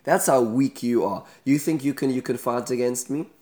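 A man's voice: medium pitch, normal speed, darkish tone, close to an everyday voice. A man voicing an arrogant Assyrian general who taunts a besieged city with scornful questions. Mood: mocking. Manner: mocking, scornful.

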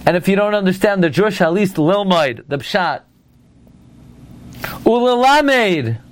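In this lively Torah lecture, a rabbi with a high-pitched voice speaks a little slowly, with slight background noise behind him. He tells a story emphatically, turns to his listeners with pointed rhetorical questions, and works Hebrew and Yiddish terms into his English.

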